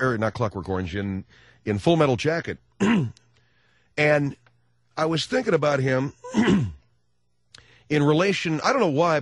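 Lively, jokey male radio host. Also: medium pitch, dry recording. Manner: rambling, jokey. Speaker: radio talk show host. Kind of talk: casual comedic radio chat.

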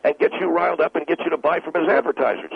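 A brash man phones into a talk radio show, sneering at callers and the host alike. His voice is slightly high and gravelly. It comes through a tinny phone line with faint hiss. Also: animated, rapid-fire. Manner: brash, condescending and insulting. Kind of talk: call-in talk radio banter.

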